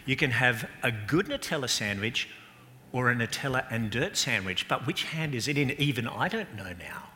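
A man's voice: medium pitch, animated, normal speed, pushed and bright, a little hiss or hum. A man giving a playful children's talk at church, chatty and jokey, asking the audience questions. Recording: echoey church hall.

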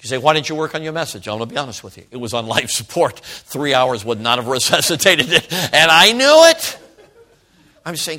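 Bright-voiced pastor preaching a sermon. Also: male voice, on the high side, expressive, a little fast. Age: 60s. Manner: dynamic, swings from loud to hushed whispers. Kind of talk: sermon storytelling.

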